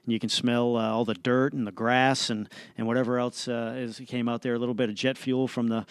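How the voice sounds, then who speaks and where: A man, a guest on an interview podcast, telling an animated play-by-play story with many fillers and restarts. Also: mid-range voice, fairly quick, clean tone, no echo. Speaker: astronaut guest.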